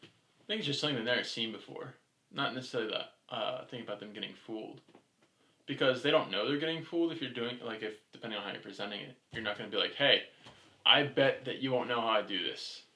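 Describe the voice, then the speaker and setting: A man's voice: mid-range voice, quick pace, bright, forceful tone. A young man co-hosting a casual podcast, with dry humor. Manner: dry, tired-sounding humor. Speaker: podcast co-host. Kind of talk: casual chat. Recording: echoey room.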